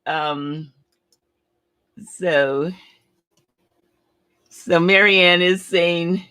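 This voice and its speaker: A woman's voice: lowish voice, drawn-out words, clean tone, no room sound. A woman in her seventies hosting a casual livestream chat, telling a story candidly and quoting others with animation. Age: 70s. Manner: chatty, candid, retells conversations with animated quoting. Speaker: livestream host.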